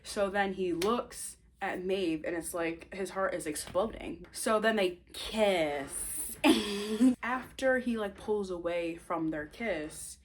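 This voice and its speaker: With slight background noise, a woman in a mid-range voice slowly and casually goes over the plot of her novel. Chatty and animated, she rambles, breaks into her own sentences, and teases her viewers with asides.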